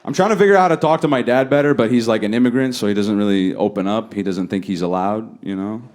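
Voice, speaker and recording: A man doing a stand-up set on a comedy stage, talking in a laid-back way and jumping high and loud when he acts out other people. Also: fast. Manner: laid-back delivery, jumps high and loud for acted quotes. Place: comedy stage before a laughing audience.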